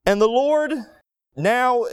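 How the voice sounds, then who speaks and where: A man's voice: very high voice, animated, slow pace, clear, resonant tone. A man preaching a sermon, telling the story vividly and acting out people's inner thoughts. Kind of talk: expository sermon.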